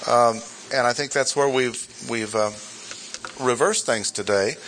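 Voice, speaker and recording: A man's voice: mid-range voice, unhurried, fairly bright tone, slight background noise. A male pastor preaching a sermon in a church, emphatic, repeating key points and asking rhetorical questions.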